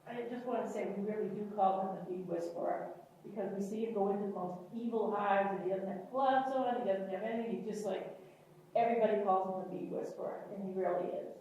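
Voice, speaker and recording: Quick audience woman, far off in an echoey room. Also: mid-range voice, steady tone, warm tone, highs cut off, slight background noise. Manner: quick and emphatic. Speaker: audience member. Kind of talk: spontaneous remark from the audience. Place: library meeting room. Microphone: distant room mic.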